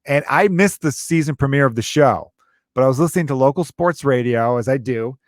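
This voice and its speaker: A man's voice: mid-range voice, a little fast, no room sound, clean studio sound. A man hosting a podcast, chatting casually and telling stories, swearing now and then. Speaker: podcast host. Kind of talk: casual chat.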